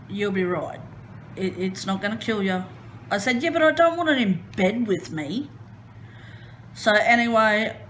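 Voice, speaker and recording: A woman chatting casually as she crafts, retelling a story in an expressive, animated way. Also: medium pitch, slight background noise. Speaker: crafting vlogger.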